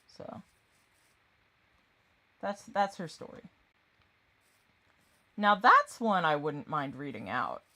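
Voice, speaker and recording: A woman's voice: sits low, very animated, slow pace, long pauses, bright, forceful tone. A woman streaming a game, chatting casually and rambling, often distracted. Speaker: gaming streamer. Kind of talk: casual chat while gaming.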